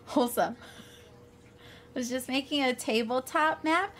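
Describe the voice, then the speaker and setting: A woman's voice: high-pitched, takes it slowly, a little hiss or hum. A woman streamer chatting casually with her live chat, laughing often and talking to viewers by name. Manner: giggly, frequent laughter, chatty asides to chat.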